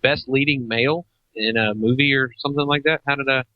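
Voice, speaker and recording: A man co-hosts a casual chat show, his relaxed talk full of pauses and restarts. The sound is dry and a little dull, as if from a modest mic. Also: mid-range voice, no room sound. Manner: relaxed, halting, with frequent restarts and fillers. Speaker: podcast co-host.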